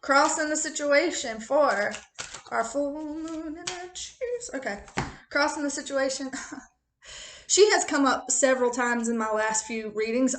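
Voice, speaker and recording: A woman's voice: fairly high pitch, a bit bright, roomy sound, a little hiss or hum. A chatty woman with a rural American accent, reading tarot cards in a casual, joking, profane way. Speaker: tarot reader.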